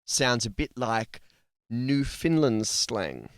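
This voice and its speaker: A man's voice: mid-range voice, sing-song, takes it slowly, dry recording. A man with an Australian accent, co-hosting a casual podcast chat, rambling and laughing often. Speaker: podcast co-host.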